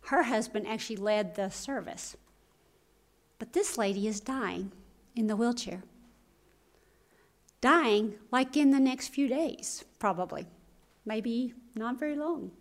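A woman pastor preaching a sermon, telling a story dramatically and acting out voices. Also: on the high side.

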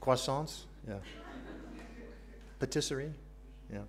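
A man's voice: mid-range voice, slow pace, slight background noise. American man preaching a sermon. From United States. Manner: earnest, asks the congregation questions, light jokes. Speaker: pastor.

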